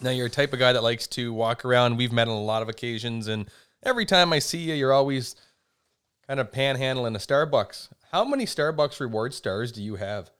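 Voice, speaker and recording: Smooth-voiced, teasing male host. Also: medium pitch, a little fast, fairly bright tone. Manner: teasing, jokey questions. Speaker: interview host. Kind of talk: casual interview.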